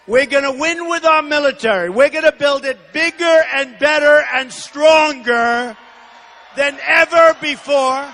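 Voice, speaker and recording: A man in his sixties giving a campaign rally speech from a podium, emphatic and repetitive, shouting some lines. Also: very high-pitched, a little slow. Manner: emphatic, repetitive, punchy phrasing. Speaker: political candidate. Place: large rally venue. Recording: long reverb of a large hall.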